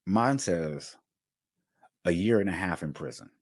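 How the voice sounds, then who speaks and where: A man casually telling a personal story to his viewers, animated and slangy, full of fillers, acting out what others said. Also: low-pitched, measured pace, no echo, studio quality. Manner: animated, slangy, lots of fillers, acts out quotes.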